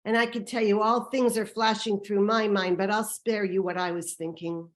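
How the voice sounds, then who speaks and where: A woman telling a personal story on stage, dramatic and vivid, moving between hushed and loud. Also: mid-range voice, fairly even intonation, normal speed, few pauses. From Canada.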